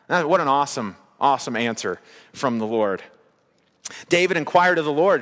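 A man's voice: medium pitch, fast, a bit bright. Emphatic male preacher in a reverberant hall. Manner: emphatic, repetitive preaching cadence. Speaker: pastor. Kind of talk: sermon.

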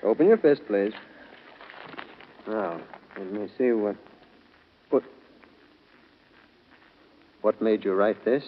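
An actor playing a prim, timid schoolteacher in an old radio play, who talks hesitantly and stammers when flustered. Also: male voice, on the low side, slow, pauses often, phone-quality sound, a little hiss or hum. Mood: fussy. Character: fussy, timid middle-aged male schoolteacher. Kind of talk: 1940s radio acting.

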